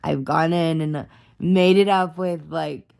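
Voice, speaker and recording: A woman's voice: deep voice, fairly even intonation, slow pace, creaky, a little mellow. A woman in her thirties talking in a casual personal vlog, rambling with many restarts and fillers, emotional and easily worked up. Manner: rambling, restarts often, lots of "like" and "you know". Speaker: vlogger.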